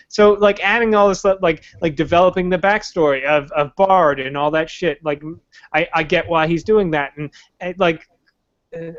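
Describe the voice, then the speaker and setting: A man's voice: fairly high pitch, fairly bright tone, dry recording, dull audio. A man co-hosting a podcast in casual chat. He swears freely and mimics characters by pushing his voice up. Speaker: podcast co-host.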